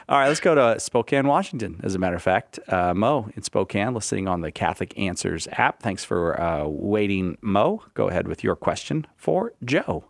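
Jovial American radio host, dry mic. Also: male voice, fairly low pitch, lively intonation, brisk, gravelly, few pauses, dry recording. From United States. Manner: jovial, joking, reads listener questions. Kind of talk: live radio call-in chat.

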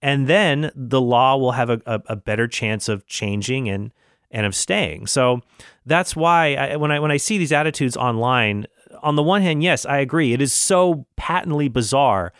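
Brief: male podcast host, earnest and reasoning, average pitch, dry close sound, frequent restarts. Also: lively intonation, normal speed, fairly bright tone, smooth, dry recording. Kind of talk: solo podcast commentary.

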